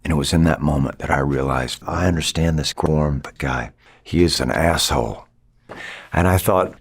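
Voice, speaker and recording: A man, an actor, telling an anecdote in a slow, emphatic way, in a cut-together interview. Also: a bass voice, slightly rough. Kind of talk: spliced interview storytelling.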